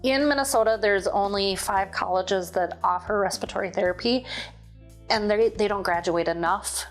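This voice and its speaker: Woman talking job market, plain mid voice, soft music behind. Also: medium pitch, moderate pace. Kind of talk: interview.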